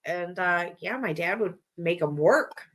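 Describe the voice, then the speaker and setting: A woman's voice: on the low side, animated, a little slow, fairly bright tone. A woman hosting a casual podcast, telling stories about growing up in a rambling, chatty way with some swearing. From small town. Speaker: podcast host.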